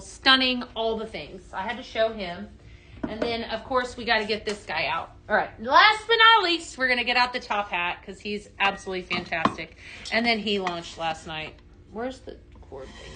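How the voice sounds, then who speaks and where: A woman's voice: medium pitch, noisy background. A woman hosting a live shopping stream, chatty and gushing, with many fillers, talking while she moves around handling products. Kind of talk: live sales stream chat.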